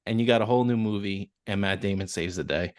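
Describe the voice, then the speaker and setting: A man's voice: lowish voice, fast, a little mellow, no room sound, clean studio sound. A man co-hosting a movie podcast, playful and giggly, with many fillers. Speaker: podcast co-host. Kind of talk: casual movie chat.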